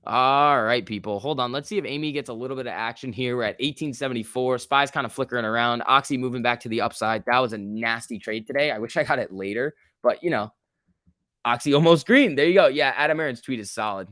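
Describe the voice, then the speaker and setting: A man hosting a live trading stream, giving loose running commentary, reading chat aloud and breaking into quick excited outbursts. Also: mid-range voice, dry recording, clean studio sound. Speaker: livestream host.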